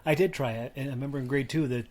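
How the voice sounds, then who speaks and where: A man's voice: mid-range voice, very fast, a little mellow, a little hiss or hum. A tired man co-hosting a podcast, slurring his words a bit. He rambles from one thing to the next and pokes fun at himself in a loose, casual chat. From Canada. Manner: rambling, self-deprecating, a little slurred from tiredness. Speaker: podcast co-host.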